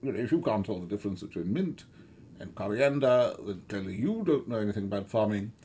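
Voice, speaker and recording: A middle-aged man giving rambling, sardonic commentary, halting often with fillers and restarts. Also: lowish voice, lively intonation, mellow, a little hiss or hum.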